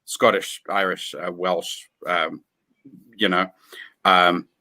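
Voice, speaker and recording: A man's voice: low-pitched, flat delivery, slow pace, bright, forceful tone. Blunt, swearing middle-aged man ranting. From South Africa. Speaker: livestream guest. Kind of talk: casual livestream chat.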